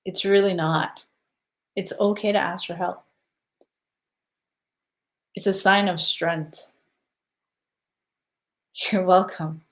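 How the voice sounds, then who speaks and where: A woman hosting a casual spiritual stream, guiding listeners through breathing and giving gentle advice, often checking in with "okay?". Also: lowish voice, fairly even intonation, slow pace, long pauses. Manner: soothing, repeats "okay?" to check in. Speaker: spiritual live-stream host. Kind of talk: casual guided spiritual talk.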